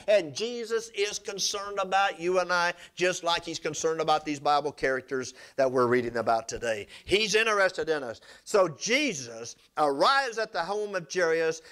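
A man's voice: pushed and bright, clean tone. A man preaching a sermon, retelling scripture stories and asking the congregation for amens. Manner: storytelling preacher, calls for amens, pitch swings up and down.

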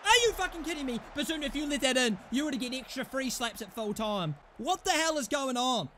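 A young man with a strikingly high voice rants through his football management game, swearing hard and shouting at his players. There is a faint hiss of background noise behind him. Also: expressive, brisk. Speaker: gaming YouTuber. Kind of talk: live gameplay commentary.

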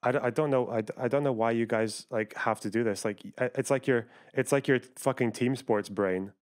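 Profane streamer arguing with chat. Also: male voice, medium pitch. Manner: profane, argumentative, rapid asides to chat. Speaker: livestreamer. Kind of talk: live stream commentary, reacting to chat.

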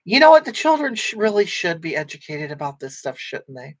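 A brash, crude middle-aged woman, put on by a man, who rambles through a comic livestream with a breathy, halting voice. She keeps restarting her sentences as she reads out chat comments, easily wounded and quick to take offense. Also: on the high side, very animated. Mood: rambling. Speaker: livestream host reading comments.

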